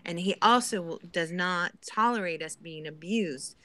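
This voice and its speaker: A woman chatting earnestly on a live stream, giving gently preachy, faith-centred advice. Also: fairly low pitch, moderate pace. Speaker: guest in a live chat. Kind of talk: casual chat.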